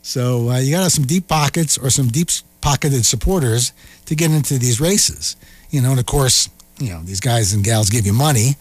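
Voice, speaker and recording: A man hosting a radio show, talking in a casual, animated and sarcastic way. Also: mid-range voice, moderate pace, husky, no room sound. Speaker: radio host. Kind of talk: casual on-air commentary. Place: radio studio.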